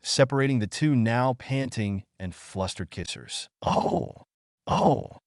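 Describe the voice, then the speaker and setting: A man narrating a fan fiction story with an expressive reading. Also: mid-range voice, moderate pace, no room sound, clean studio sound.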